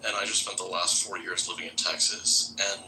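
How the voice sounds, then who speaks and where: A man's voice: sits low, little pitch movement, a little fast, sharp tone, a little hiss or hum, poor audio. A man from Florida in casual live-stream chat, loose and profane with many filler words.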